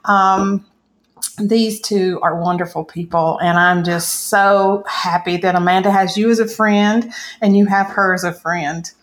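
A woman's voice: mid-range voice, steady tone, measured pace. An older woman, a guest mother on a podcast, telling family memories in a fond, chatty way with small laughs. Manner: fond, reminiscing, with little laughs. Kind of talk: casual storytelling.

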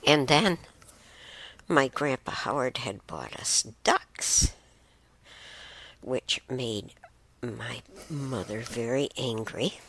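A woman hosting a show, telling childhood stories casually, chatty and unhurried with restarts and fillers. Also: a bass voice, creaky, fairly bright tone. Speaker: host. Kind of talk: casual storytelling.

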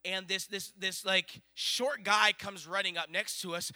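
A middle-aged man preaching, telling a story in an animated, excitable way. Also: sits high, measured pace, hardly any pauses. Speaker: pastor. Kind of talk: sermon storytelling.

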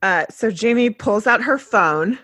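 A woman's voice: a little high, animated, a little slow, sharp tone, dry recording, clean studio sound. A woman playing a tabletop role-playing game, casually describing her character's actions. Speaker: player.

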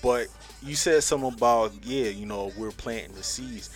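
A man's voice: mid-range voice, normal speed, soft background music. A man co-hosting a podcast in casual chat, earnest and searching, swearing freely. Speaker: podcast co-host.

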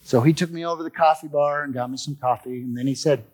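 A man's voice: a little high, quick pace, a little mellow. A man giving a personal recovery testimony, telling his story expressively and acting out the dialogue. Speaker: testimony speaker.

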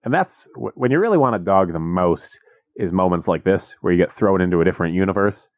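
A man recapping a movie in casual comedic chat, deadpan and jokey, slipping into silly voices. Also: low voice, brisk, no room sound, studio quality. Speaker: podcast co-host.

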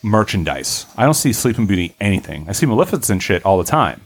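A man co-hosts a podcast in a laid-back way, swearing casually. His voice sits low. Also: very animated, fast, breathy edge. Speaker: podcast co-host. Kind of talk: casual chat.

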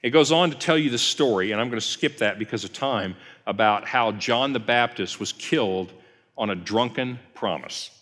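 A man's voice: medium pitch, moderate pace, fairly bright tone. A man preaching a conversational teaching sermon as a pastor, telling the story and acting out quoted lines. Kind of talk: teaching sermon, Bible study session. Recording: long hall reverb.

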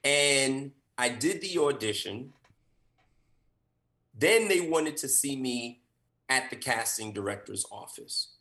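Man, actor, lively storyteller; bright voice with big pitch swings, roomy sound. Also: slow, pauses often. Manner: animated, acts out quotes with big voice swings. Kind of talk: animated storytelling.

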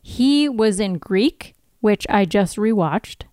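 Clear-voiced woman on a podcast. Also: medium pitch, lively intonation, slow pace, darkish tone. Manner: chatty, asks checking questions, casual swearing. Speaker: podcast co-host. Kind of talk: casual chat recapping TV episodes.

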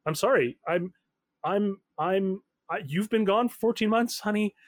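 A man's voice: high voice, dry recording, studio quality, voice pushed up. A man voicing a frantic middle-aged mother who stammers as she speaks. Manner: stammering, rushed and emotional.

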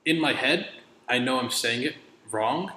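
A man's voice: mid-range voice, expressive, unhurried, sharp tone, roomy sound, a little hiss or hum. A man hosting a casual podcast chat, telling stories, swearing and mimicking other people's voices. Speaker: podcast host.

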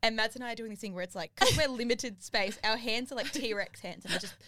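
A young woman co-hosting a podcast, bubbly and expressive as she chats and laughs with her friend. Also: a little high, quick pace, no room sound. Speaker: podcast co-host. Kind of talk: casual chat.

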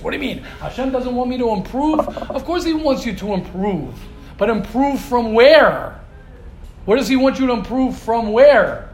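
A man teaching a religious class to students, emphatic and repetitive, sometimes acting out their complaints. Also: very high voice. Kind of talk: lively classroom lecture. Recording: echoey room.

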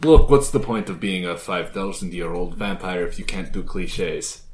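A man's voice: low voice, animated, normal speed, roomy sound, pitched below the performer's own voice. A man voicing an ancient, smug male vampire CEO in a put-on Transylvanian accent, with a hammy villain drawl. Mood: mocking.

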